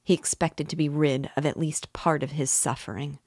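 A woman reading a classic novel aloud in a measured, steady narration. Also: sits low, no echo, clean studio sound. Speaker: audiobook reader and guide.

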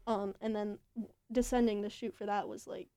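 Chatty young woman, mellow voice. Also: mid-range voice, level tone, normal speed, clear, resonant tone. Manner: chatty, heavy use of "like". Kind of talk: casual panel chat.

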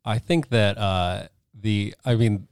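A man's voice: fairly low pitch, slow, darkish tone, clear, resonant tone, no room sound, clean studio sound. A man co-hosting a podcast, giving firm opinions in casual chat. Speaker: podcast co-host. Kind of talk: casual movie-discussion chat.

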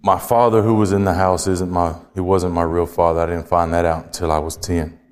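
Deep, flat-voiced man. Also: long reverb tail. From Georgia, US. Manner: slow, reflective, halting. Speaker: interview guest. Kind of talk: personal testimony in conversation.

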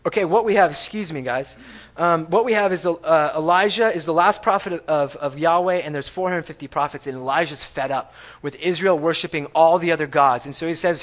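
A man preaching a sermon in a church, talking in a conversational way and checking in with the congregation, going from loud emphatic lines to hushed reading. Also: fairly high pitch, fairly quick. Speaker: pastor. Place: church sanctuary.

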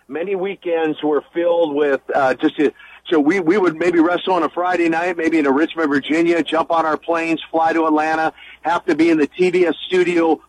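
A man's voice: a little high, fairly even intonation, brisk, rough recording. A man in his sixties, a former wrestler and minister, speaking as a guest in a radio interview, earnest and eager, with many restarts and long lists.

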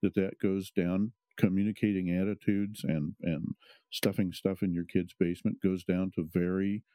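A man co-hosting a podcast, thinking aloud with halting restarts in casual conversation. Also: deep voice, level tone, mellow, no room sound.

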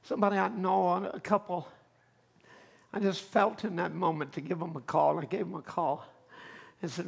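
A male pastor preaching a sermon, moving from quiet storytelling to loud, fervent preaching. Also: sits high, steady tone, normal speed, creaky, breathy edge. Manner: swings from quiet storytelling to shouted fervor.

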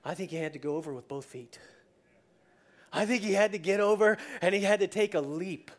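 A preacher delivering a sermon in a conversational way, telling the story with lively asides and acting out the scenes. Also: medium pitch, a little fast. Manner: animated storyteller who acts out scenes.

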